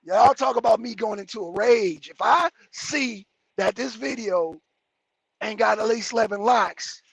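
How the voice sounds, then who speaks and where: A man's voice: high voice, unhurried, gravelly, slightly rough, no room sound. A man hosting a live commentary stream, reading viewer comments aloud and ranting about them with lots of swearing. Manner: heated, profane, repeats and mocks viewer comments. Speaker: YouTube commentator.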